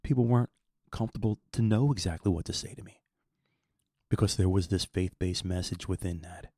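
A man's voice: sits low, brisk, mellow, husky, dry recording, studio quality. A man in his fifties telling a personal faith story in an earnest, rambling way, often repeating words as he searches for them. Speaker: podcast host.

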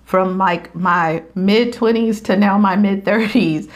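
A woman in her thirties chatting casually about faith, acting out quotes with big jumps in her voice and frequent laughs. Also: takes it slowly. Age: 30s. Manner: animated storyteller, acts out quotes with big pitch jumps and laughs.

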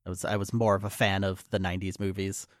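A man's voice: low-pitched, level tone, quick pace, no echo. Guy recapping a movie on a podcast, lots of uh and like, dry close mic. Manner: recounts scenes with fillers and restarts. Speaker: podcast co-host. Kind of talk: casual movie recap chat.

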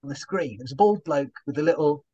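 A man, a comedian guest in an interview, telling stories in an animated way and acting out little voiced asides. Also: on the high side, quick pace, dull audio. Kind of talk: conversational interview.

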